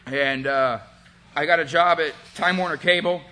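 A man's voice: on the high side, fairly even intonation, normal speed, pushed and bright. A man in his forties giving a candid, rambling personal testimony about recovery, profane and full of fillers. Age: 40s. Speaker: recovery speaker.

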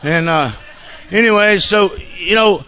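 A man with a bright, forceful voice pitched a little on the higher side gives a recovery meeting testimony. He talks casually and bluntly, swears freely, and keeps checking in with his listeners. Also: measured pace. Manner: casual, profane storytelling with frequent "you know what I'm saying". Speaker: speaker sharing his recovery story.

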